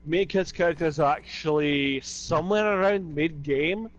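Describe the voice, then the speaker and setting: A man's voice: on the high side, normal speed, crowd noise. Scottish guy, playful tough-talk, fellow player on voice chat, muffled lo-fi sound. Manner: teasing mock-tough banter. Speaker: fellow player, streamer's boyfriend. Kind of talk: casual gaming chat over voice call.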